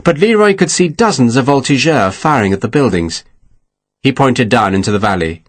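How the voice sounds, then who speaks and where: A man reading an audiobook in an expressive storytelling manner. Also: medium pitch, normal speed. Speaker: audiobook narrator. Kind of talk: scripted narration.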